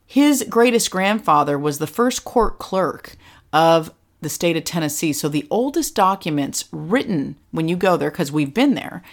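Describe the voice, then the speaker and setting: A middle-aged woman tells stories in a chatty, animated way. Her voice sits low, with a gravelly, creaky edge. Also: a little slow. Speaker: co-host. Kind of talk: casual chat.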